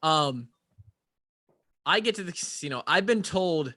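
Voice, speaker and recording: A young man co-hosting a podcast, telling a profane, animated story in casual chat. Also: on the high side, normal speed, pauses often, dry recording, studio quality. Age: young adult. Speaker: podcast co-host.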